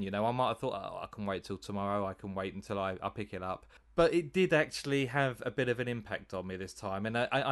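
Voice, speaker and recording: A man's voice: on the low side, a bit bright. A man co-hosting a casual podcast chat, rambling and hesitant, laughing easily. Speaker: podcast co-host.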